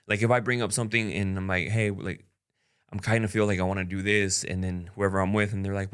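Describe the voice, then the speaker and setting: Candidly recounting his breakup in a vlog, a young man who creates content rambles on, peppering his talk with "like" and "you know." He speaks at a quick pace in a smooth, slightly bright voice on the low side.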